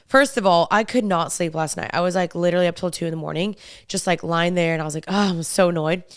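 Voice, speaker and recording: A young woman hosting her podcast, bubbly and chatty, her talk dotted with "like" and "literally". Her voice comes through smooth and resonant. The sound is close and dry, with no room echo. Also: lowish voice, fast. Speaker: podcast host. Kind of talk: casual chat.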